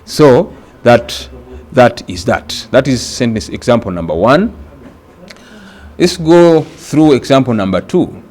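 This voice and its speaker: A man from Uganda teaching an exam-prep grammar lesson, speaking deliberately and repeating words for emphasis. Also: medium pitch, lively intonation, a little mellow.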